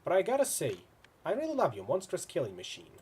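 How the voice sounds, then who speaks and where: A man's voice: on the high side, wildly swooping pitch, quick pace, a little mellow, slight background noise, pitched above the performer's own voice. A man voicing a brash, exasperated adult male hero in a video game, blunt and incredulous. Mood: admiring.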